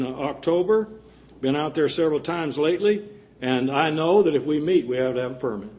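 Male preacher, earnest sermon delivery with homespun humor, voice a touch high. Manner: earnest with folksy jokes and asides.

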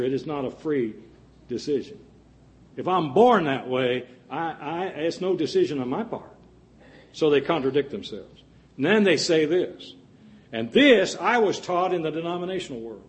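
Male preacher, earnest sermon delivery with homespun humor, voice a touch high. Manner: earnest with folksy jokes and asides.

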